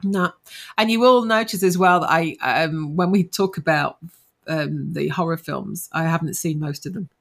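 A woman's voice: low voice, normal speed, creaky. A middle-aged woman, co-host of a ghost-hunting podcast, chatting casually and laughing at herself as she tells her story. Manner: laughing, self-deprecating storyteller.

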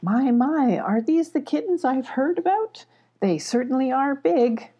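A woman's voice: high voice, expressive, mellow, slightly rough, highs cut off, pitched above the performer's own voice, exaggerated voice. Mama Owl, a hooting mother owl, read by a woman. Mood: informative. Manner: brisk, informative, hooting. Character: wise fussy mother owl.

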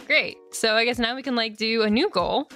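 A woman playing a tabletop role-play game in relaxed, casual chat. Her voice is bright and a bit high, and she laughs often and restarts her sentences. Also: a little fast, faint music behind.

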